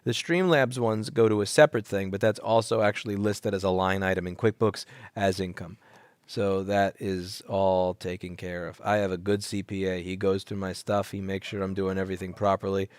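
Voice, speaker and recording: Sleepy, blunt man with a low voice. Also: steady tone, normal speed, smooth, no room sound. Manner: blunt, sarcastic, swears, repeats himself for emphasis. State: sleepy, yawning. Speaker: livestream host reading viewer chat. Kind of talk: casual late-night livestream chat. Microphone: headset microphone.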